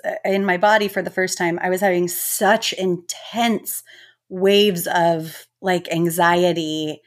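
A woman in her thirties, a mindfulness teacher, talking as a guest in a relaxed, reflective way with lots of filler words. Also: medium pitch. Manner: reflective, gentle, many filler "likes". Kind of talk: casual interview talk.

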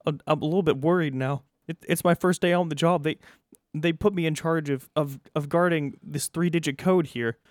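A man's voice: a little high, steady tone, a little fast, no echo, clean studio sound, voice pushed up, close to an everyday voice. Man doing a stammering nervous new guard. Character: jittery young male guard, first day on job.

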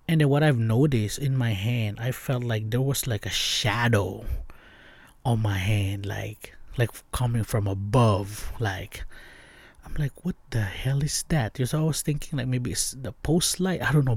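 A young man hosting a podcast, telling a scary story in casual chat, excitable and slangy, dropping to hushed tones at tense parts. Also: mid-range voice, dry recording. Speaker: podcast host.

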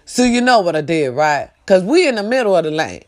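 A woman telling a story to her viewers in a loud, profane, preachy way, calling them y'all. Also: lowish voice, big pitch swings, a little fast. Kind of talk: animated casual storytelling to camera.

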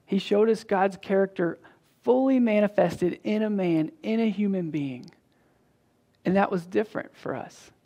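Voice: unhurried, warm tone, dull audio. A pastor delivering a sermon in a conversational way, with frequent restarts and repeated words, acting out quoted dialogue. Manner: conversational, acts out quoted dialogue with big pitch jumps.

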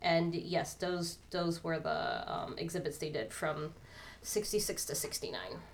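A woman's voice: low voice, very animated, measured pace, vocal fry, a little hiss or hum. A woman co-hosting a podcast in casual chat, getting over a cold, chatty with giggly asides. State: recovering from a cold. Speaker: podcast co-host.

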